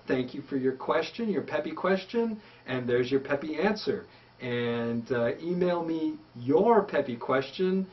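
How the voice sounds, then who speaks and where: A man with a Canadian accent giving a casual English lesson, relaxed and friendly, with many ums and repeated words. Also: a little high. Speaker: English teacher. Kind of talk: casual video lesson answering a question. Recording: dull lo-fi sound, mic a bit distant.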